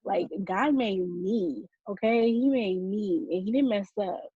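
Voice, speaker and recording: Slow, husky-voiced woman guest. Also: medium pitch, no room sound, narrow, tinny audio. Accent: Southern American. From American South. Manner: slow, thoughtful, earnest. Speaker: podcast guest. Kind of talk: interview answers.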